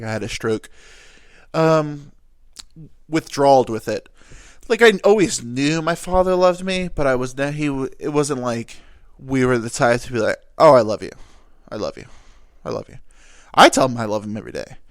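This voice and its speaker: In a dry, clean studio recording, a young male podcast host tells a meandering story about his own life. His medium-pitched voice is nasal and teary, as though he just finished crying, and his casual monologue is peppered with fillers and self-corrections.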